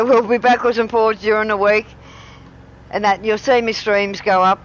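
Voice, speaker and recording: A woman's voice: medium pitch, low-quality recording. A middle-aged woman with an Australian accent, chatting and rambling on a live stream and laughing often. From Tasmania, Australia. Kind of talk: casual live-stream chat.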